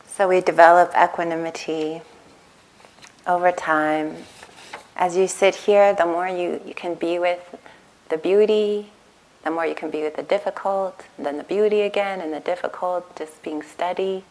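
Woman, meditation teacher, dharma talk, gentle storytelling, slightly low voice. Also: steady tone, normal speed, rough recording. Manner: gentle, storytelling, soft-spoken. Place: retreat center meditation hall.

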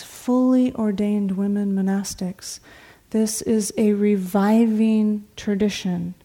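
This middle-aged meditation teacher, with a mid-range voice, tells stories in a conversational dharma talk, occasionally sinking to a soft whisper. The recording was made in a meditation hall with a seated audience present.

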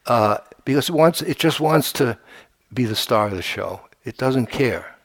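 Male meditation teacher, casual and wry, often restarting; mid-pitched, dry close sound. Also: lively intonation, normal speed, dry recording. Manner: conversational, humorous, with frequent restarts. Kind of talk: dharma talk. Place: meditation retreat center.

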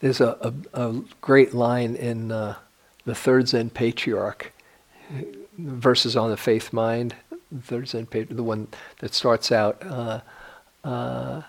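An older man giving a dharma talk as a meditation teacher, speaking in a reflective way with gentle pauses and restarts. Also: medium pitch, little pitch movement, gravelly.

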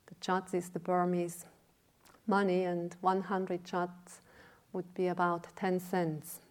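A woman meditation teacher giving a dharma talk, telling a teaching story in a deliberate way. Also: lowish voice, monotone.

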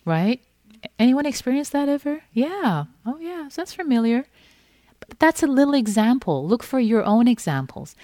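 A woman meditation teacher giving a gentle, repetitive dharma talk in which she acts out inner thoughts. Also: high voice, sing-song, normal speed, no echo. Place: meditation hall.

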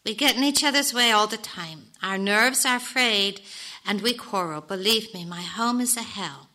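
A woman's voice: mid-range voice, moderate pace, sharp tone, natural voice. A woman voicing a poor, desperate man who pleads and laments as she reads a story aloud in a talk.

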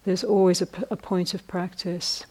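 A fairly low, husky, slightly mellow voice with little pitch movement belongs to a middle-aged meditation teacher. She gives a reflective dharma talk at a retreat, speaking casually with frequent pauses and restarts and laughing at her own jokes.

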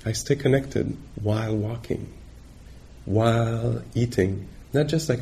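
A male meditation teacher giving a dharma talk on retreat, gentle and reflective, pausing often as he searches for words. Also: mid-range voice, slight background noise. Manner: halting, searching for words with many pauses.

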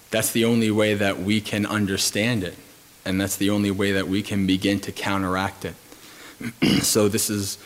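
Lower-voiced man giving a Dhamma talk. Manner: calm storytelling with frequent fillers and restarts.

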